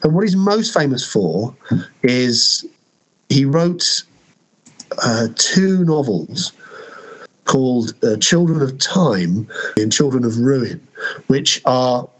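Hesitant, self-deprecating Englishman with a husky voice. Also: medium pitch, lively intonation, slow pace, long pauses, low-quality recording. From England. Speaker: novelist guest. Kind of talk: casual interview chat.

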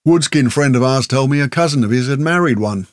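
A man's voice: mid-range voice, expressive, fairly quick, no echo, studio quality, close to an everyday voice. A man voicing a weary male orc on a mission, blunt and plain-spoken, as an audiobook character voice.

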